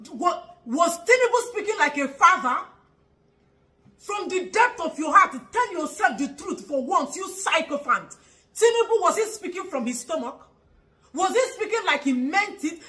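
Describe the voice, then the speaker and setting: In a roughly recorded angry vlog, a woman with a Nigerian accent and a very high, animated voice scolds at normal speed. She throws out rhetorical questions, mocking laughter, and bursts of shouting.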